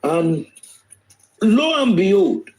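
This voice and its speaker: A man's voice: high-pitched, big pitch swings, very slow, a little mellow, rough recording. A man speaking emphatically on a live stream, repeating phrases, his voice swinging sharply up and down. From Nigeria. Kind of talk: impassioned live-stream talk.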